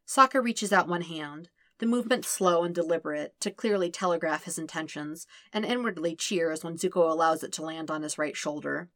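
A woman narrating a fan fiction story in an even, measured reading style, slowing and softening on tender lines. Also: deep voice, no room sound, clean studio sound. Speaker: podfic reader.

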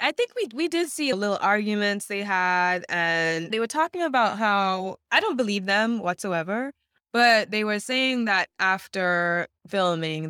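Woman podcast co-host, bright voice, dry close sound, blunt and animated with laughs. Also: mid-range voice, smooth, no echo. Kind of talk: casual chat.

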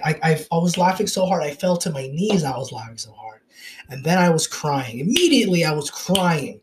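On a casual solo podcast recorded on an iPhone, a man with a fairly high voice rambles confessionally and swears a lot. There's a little background noise.

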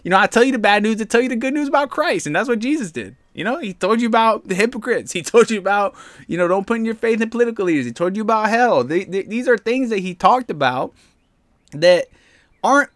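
A man's voice: high voice, animated, fast talker, no room sound, clean studio sound. A man hosting a podcast alone, ranting bluntly and heatedly in casual slang and talking straight to his listeners. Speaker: podcast host.

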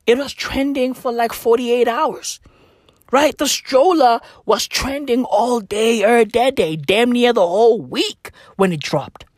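A South African man delivering a profane comedic rant straight to camera, animated and bursting into shouts. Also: very high voice, a little slow, no room sound.

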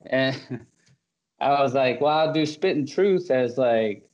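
A man's voice: mid-range voice, takes it slowly, a little mellow, highs cut off. A man hosting a podcast in casual chat, rambling, laughing often and full of fillers and restarts. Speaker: podcast host.

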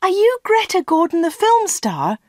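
A woman voicing Anna, an eager young village shop girl, in a storybook reading, with high, excited calls. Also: normal speed, dry recording, clean studio sound, full character voice.

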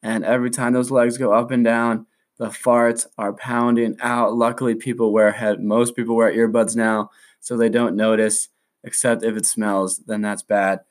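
A man's voice: mid-range voice, level tone, moderate pace. A young man hosting a casual solo podcast, rambling in hyped surfer slang. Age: young adult. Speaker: podcast host.

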